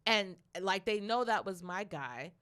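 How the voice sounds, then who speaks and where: A young adult woman co-hosting a podcast, telling a story in a casual, animated way, with plenty of profanity and laughter. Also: mid-range voice, a little slow, smooth. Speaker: podcast co-host.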